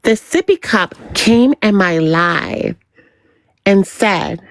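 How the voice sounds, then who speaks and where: A woman hosting her own livestream and giving gossip commentary. She talks in a dramatic, drawn-out way and repeats words in a teasing sing-song. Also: medium pitch, animated, dry recording. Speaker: livestream host.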